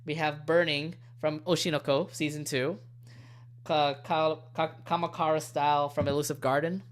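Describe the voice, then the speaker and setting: A man hosting a podcast in casual chat, animated and laughing often, stumbling over titles. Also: a little high, moderate pace. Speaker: podcast host.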